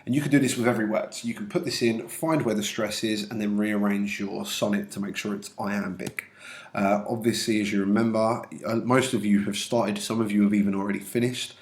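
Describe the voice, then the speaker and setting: Low, gravelly male teacher explaining. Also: steady tone, brisk. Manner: methodical, walks through examples step by step. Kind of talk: classroom lesson explanation.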